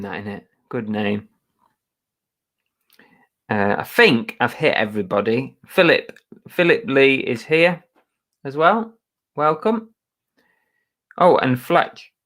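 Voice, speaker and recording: A man hosts a relaxed live stream, reading out viewers' names. He talks at an unhurried pace in a mid-range voice. He is chatty and self-mocking, and mutters mild curses at his streaming software. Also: medium pitch. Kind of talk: casual live chat, greeting viewers.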